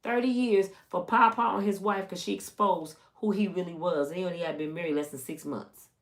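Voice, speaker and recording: A woman's voice: lowish voice, fairly even intonation, a little fast. A middle-aged woman from the United States chatting casually and teasingly as a channel host, drawling and chatty. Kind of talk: casual gossip commentary.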